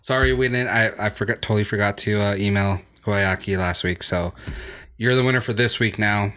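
A man hosting a casual gaming podcast, relaxed and chatty with plenty of fillers. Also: on the low side, a little fast. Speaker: podcast host.

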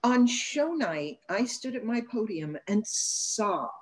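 Animated, lively-voiced woman telling stories. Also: a little high, slow. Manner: animated storyteller. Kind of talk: casual panel chat.

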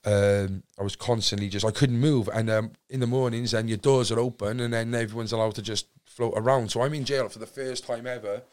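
A man from Cardiff with a Welsh accent, a podcast guest telling a long story in an animated, rambling way with lots of fillers, restarts and swearing. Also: mid-range voice, a little fast, few pauses, smooth. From Wales. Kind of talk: casual storytelling in a podcast interview.

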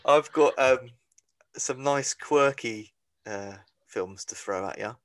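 A man's voice: mid-range voice, slow. A young man co-hosting a podcast, casually running through lists and steering the chat. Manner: relaxed, steering the conversation. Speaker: podcast co-host.

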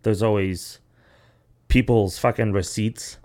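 Low-voiced young man telling rambling stories. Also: fairly even intonation, slow pace, darkish tone. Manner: rambling, profane storytelling full of "like". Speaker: podcast host. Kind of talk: casual chat.

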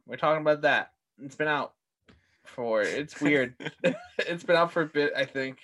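A man's voice: fairly high pitch, moderate pace, a bit bright. A man in a casual podcast chat who cuts in with short, dry one-liners and brings the talk back to the topic. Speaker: podcast co-host.

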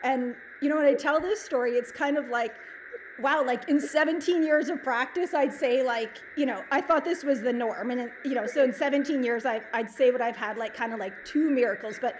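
A woman's voice: sits high, fairly quick, low-quality recording. A woman in her forties, a chiropractor, telling stories casually in an interview, full of "like" and "right?". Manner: chatty, lots of "like" and "right?". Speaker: chiropractor guest. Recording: background noise.

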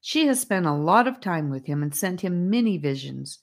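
A woman's voice: lowish voice, sing-song, normal speed. A woman narrating a storybook, reading aloud and addressing the listener. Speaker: audiobook narrator.

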